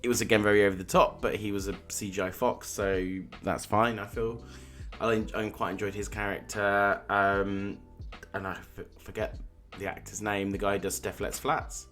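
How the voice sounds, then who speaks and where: A man's voice: fairly low pitch, level tone, moderate pace, fairly bright tone, faint music behind. A man co-hosting a casual film podcast, talking in opinionated bursts with frequent restarts. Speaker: podcast co-host. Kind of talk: casual film review chat.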